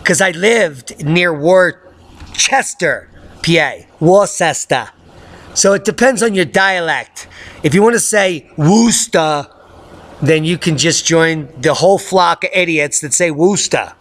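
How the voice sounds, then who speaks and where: A man's voice: a little high, a little slow, a bit bright. A man hosting a weather channel, giving sarcastic, combative commentary on news stories.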